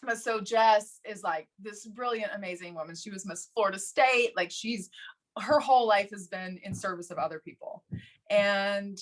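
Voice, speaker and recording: Woman guest, 30s, lively storyteller who slips into quoted voices and laughs a lot; mid-pitched, conversational. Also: normal speed. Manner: animated, laughs often, acts out quoted voices. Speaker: podcast guest. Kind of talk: casual interview storytelling.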